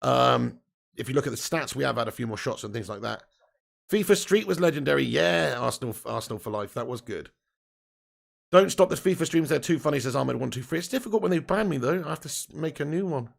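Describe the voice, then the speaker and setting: A man's voice: mid-range voice, expressive, a little fast, vocal fry. A man in his thirties, hosting a football watch-along stream, reading out chat messages in a casual, chatty way with frequent laughs and casual swearing.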